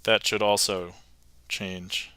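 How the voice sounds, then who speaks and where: Bright, upbeat male magic streamer. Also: fairly low pitch, flat delivery, slow pace, clean tone. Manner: chatty and upbeat, reading chat aloud with thanks. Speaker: magician livestream host. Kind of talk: casual livestream chat.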